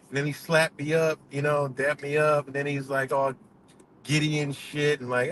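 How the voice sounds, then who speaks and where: A man's voice: fairly high pitch, steady tone, normal speed, a bit bright. A man live streaming while driving, telling a story in a rambling, profane way and laughing often. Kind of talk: casual storytelling. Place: in a moving vehicle on a highway. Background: faint road and vehicle noise.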